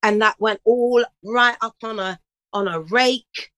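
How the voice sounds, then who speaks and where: A middle-aged woman telling stories in a casual interview, lively, breaking into bits of song. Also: medium pitch, moderate pace, no echo, low-quality recording. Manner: animated storyteller, bursts into snatches of song. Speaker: guest singer.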